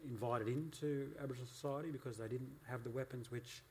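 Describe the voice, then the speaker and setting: A man's voice: mid-range voice, fairly even intonation, darkish tone, slight background noise. Male interviewer asking questions. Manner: measured questions with hesitations. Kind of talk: conversational interview.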